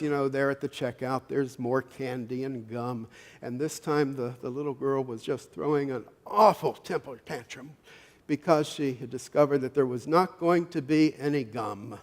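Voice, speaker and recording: A middle-aged male pastor preaching a sermon, telling stories in a folksy, halting way with many restarts. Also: mid-range voice. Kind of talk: sermon with storytelling. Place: church sanctuary. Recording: long church reverb.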